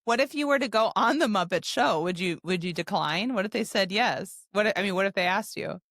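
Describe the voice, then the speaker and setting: A woman's voice: medium pitch, animated, fairly quick, a bit bright, dry recording, clean studio sound. Giggly woman podcast host. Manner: giggly, plays along. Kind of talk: casual chat.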